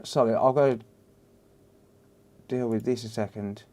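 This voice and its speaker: His voice is mid-range, steady, and a little mellow, with a measured pace and a Black Country accent from England. Hosting a livestream, he works on electronics, chats casually, laughs frequently, and names his chatters.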